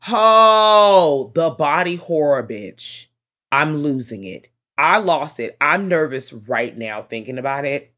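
A woman co-hosting a podcast, chatting casually about a horror film, animated and swearing freely as she acts out her reactions. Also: extremely low pitch, unhurried. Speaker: podcast co-host. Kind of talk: casual chat reviewing a film.

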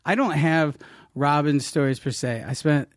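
A man's voice: fairly high pitch, moderate pace, dry recording, clean studio sound. A middle-aged man telling stories as a comedian guest in a casual interview, rambling and laughing, with frequent restarts.

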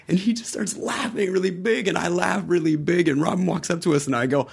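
A man's voice: fairly high pitch, moderate pace, gravelly, few pauses, breathy edge. A man who is a guest on a podcast, chatting casually and acting out the people in his anecdotes. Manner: animated storyteller, acts out quoted voices.

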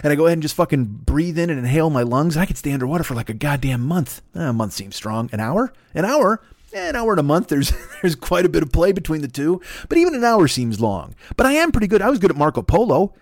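A man's voice: a little high, very animated, quick pace, hardly any pauses, a little mellow, no echo. An older man hosting a solo podcast, rambling through crude, self-mocking riffs into a desk mic plugged into a laptop. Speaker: podcast host. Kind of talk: profane solo podcast monologue.

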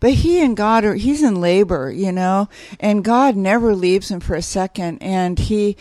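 A woman's voice: mid-range voice, expressive, normal speed, a little mellow, no echo. A woman guest in a casual podcast conversation, telling stories in a rambling way with many restarts and easy laughter.

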